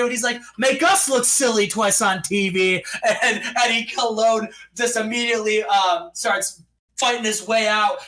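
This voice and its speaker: Excitable man retelling a wrestling show. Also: very high-pitched, recorded from a distance, poor audio. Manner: excitable storytelling, mimics announcers and crowds. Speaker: podcast co-host recapping a wrestling sim. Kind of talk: casual chat.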